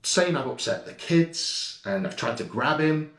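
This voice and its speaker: A man's voice: on the high side, expressive, unhurried, fairly bright tone, far from the mic. Middle-aged man, blunt and indignant storyteller, roomy off-mic sound. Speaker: vlogger recounting an incident. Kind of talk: casual first-person account over CCTV footage. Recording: roomy echo, a bit off-mic.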